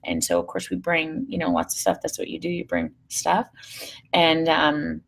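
A woman with a low, gravelly voice speaks casually to a live audience. She is a psychologist telling a personal story, candid and blunt, dropping swear words and trailing off into fillers. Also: very animated, normal speed, a bit bright. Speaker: psychologist and host of a live show.

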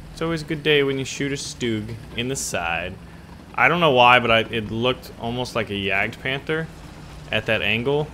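A man giving casual gameplay commentary on a tank game, excitable and quick to burst into loud cursing. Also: medium pitch, noisy background.

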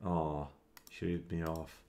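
A man giving casual commentary on his strategy game, thinking aloud, counting under his breath and flashing quick annoyance at setbacks. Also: extremely low pitch, level tone, mellow, slight background noise. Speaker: gameplay commentator.

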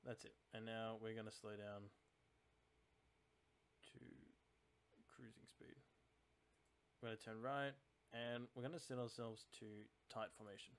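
A man's voice: lowish voice, level tone, unhurried, pauses often, clean tone. Chatty man narrating his game. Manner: chatty, analytical, thinking aloud about tactics. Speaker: channel host playing a naval strategy game. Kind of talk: casual let's-play commentary.

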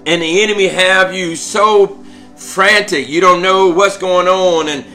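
A man's voice: high voice, fairly even intonation, measured pace, sharp tone, faint music behind. A man leading a prayer call, preaching fervently, repeating himself with stammered restarts and calls of praise. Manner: interjects "glory to God" and "hallelujah".

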